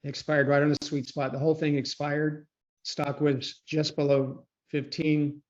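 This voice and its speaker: A man with a fairly high voice leads a live online trading coaching call. He talks in a chatty, loose way and often clears his throat. His voice comes through dull, lo-fi call audio. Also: little pitch movement, normal speed.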